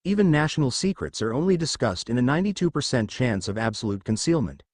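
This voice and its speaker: A man voicing flustered soldiers who report to their commander in a hurried, nervous way. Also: medium pitch, lively intonation, no room sound, clean studio sound, natural voice.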